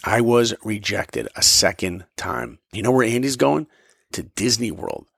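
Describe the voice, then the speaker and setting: A man's voice: on the low side, unhurried, gravelly, dry recording. A man giving a motivational talk, telling a personal story and acting out the dialogue. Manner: animated, acts out dialogue. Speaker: motivational podcast speaker.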